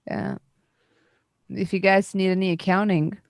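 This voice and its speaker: A woman's voice: mid-range voice, little pitch movement, a little slow, no room sound, studio quality, close to an everyday voice. A woman voicing a nervous young male accountant at a party, hesitant and stammering with many fillers. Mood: flustered. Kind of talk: tabletop role-play.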